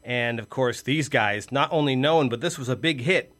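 A man's voice: mid-range voice, moderate pace, a bit bright. A man hosting a campus radio show, chatting casually between tracks with rambling asides. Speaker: radio host. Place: radio studio.

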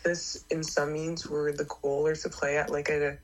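A woman's voice: deep voice, flat delivery, normal speed, rough recording. A young woman with a congested voice from a cold, a university volleyball player chatting through interview answers with lots of fillers. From Canada. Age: young adult. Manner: chatty, lots of likes and ums.

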